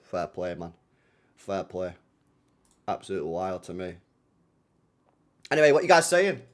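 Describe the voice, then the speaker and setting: A man's voice: low-pitched, sing-song, measured pace. A young man chatting casually to his live stream audience, rambling with slang, swearing and frequent laughter. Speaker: streamer hosting a football watchalong.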